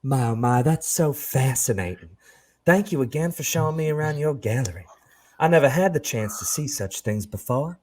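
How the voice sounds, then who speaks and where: A man's voice: medium pitch, expressive, moderate pace, darkish tone, slight background noise, close to an everyday voice. A man voicing a female con artist who puts on a French lady act, campy and over the top. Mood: coy flirting. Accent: put-on French.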